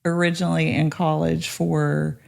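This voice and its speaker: A woman's voice: low-pitched, little pitch movement, moderate pace, gravelly, darkish tone. A woman co-hosting a podcast, teasing the guest and asking him the questions. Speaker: co-host. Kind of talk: casual podcast interview.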